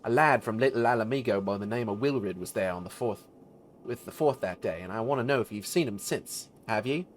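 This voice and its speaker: A man voicing a gruff veteran male mercenary officer, talking bluntly with rough slang. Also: lowish voice, brisk, a little hiss or hum, lightly acted.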